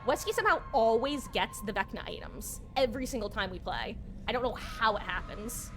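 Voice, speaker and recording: A woman streaming a game live, chatting casually with viewers, self-mocking and breaking into excited bursts. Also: fairly high pitch, brisk, music in the background.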